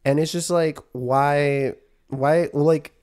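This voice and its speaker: A young man from New York co-hosting a podcast, ranting in a casual, animated way and laughing often. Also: a little high, slow, smooth. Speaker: podcast co-host. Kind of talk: casual chat.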